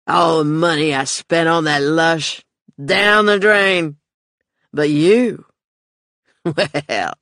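A narrator voicing a drunk middle-aged man, a menacing uncle with a loud, slurred voice. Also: a little high, creaky, no echo, clean studio sound, heavily acted.

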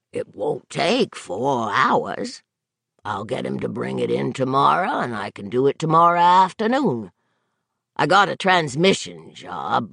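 A man's voice: fairly high pitch, gravelly, fairly bright tone, dry recording, studio quality, full character voice. A man voicing a plain-spoken, folksy middle-aged working-class mechanic.

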